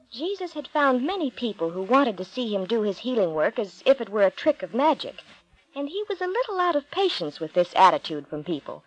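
A woman narrating a Bible storybook in a slow, expressive, deliberate reading. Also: a little high, no room sound, poor audio.

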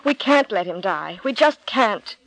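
A woman's voice: medium pitch, lively intonation, a little slow, a bit bright, dry recording, low-quality recording. A woman reading the part of a desperate nobleman father begging for his son's life in a storybook reading. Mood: pleading. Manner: pleading, emphatic. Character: desperate pleading nobleman father, adult man.

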